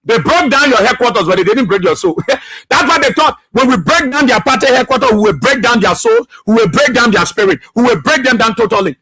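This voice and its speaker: A man's voice: extremely high pitch, expressive, a little fast, pushed and bright, breathy edge. A man hosting a political radio talk show, impassioned and repetitive, firing rhetorical questions and laughing often.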